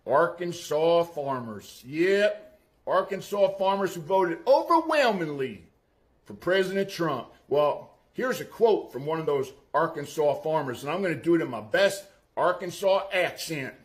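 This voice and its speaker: A man's voice: fairly high pitch, expressive, unhurried. A man giving a profane, mocking political rant. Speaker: political commentator.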